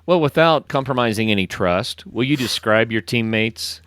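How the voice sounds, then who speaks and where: A man's voice: medium pitch, expressive, moderate pace, fairly bright tone, smooth, no room sound. A man hosting an adventure podcast, asking open questions and giving short affirmations. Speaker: podcast host. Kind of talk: interview questions.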